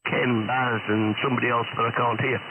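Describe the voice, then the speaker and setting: A radio amateur chats on the air in a relaxed, rambling way. His voice comes through narrow and tinny. Strong static runs under every word. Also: mid-range voice, a little fast. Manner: easygoing rambling chat. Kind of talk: casual on-air chat. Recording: noisy shortwave radio.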